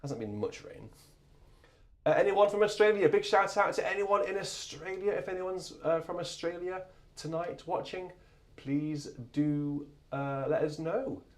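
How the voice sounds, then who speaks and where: A man's voice: sits high, a little slow. A man from England hosting a live organ stream, chatting casually and rambling with self-mocking asides. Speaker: organist and livestream host. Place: church organ loft.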